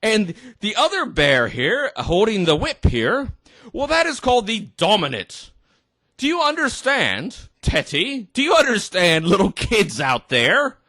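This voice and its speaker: Tipsy and exaggerating, a man puts on an accent to play a prim, condescending woman teacher explaining things to a teddy bear in a patronizing, sing-song way. His high voice swoops wildly in pitch, unhurried, pushed and bright, with clean studio sound and no echo.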